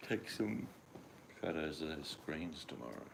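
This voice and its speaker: A man's voice: extremely low pitch, lively intonation, a little slow, creaky, background noise. An older man with an Australian accent chatting casually at home, rambling and acting out his dogs in quoted voices. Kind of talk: casual chat.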